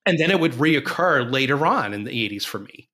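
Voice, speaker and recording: Cohost guy with a bright sharp voice, relaxed, chimes in and laughs a lot. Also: medium pitch, brisk. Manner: laid-back, laughs easily, short agreeing replies. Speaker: podcast co-host. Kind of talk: casual music podcast chat.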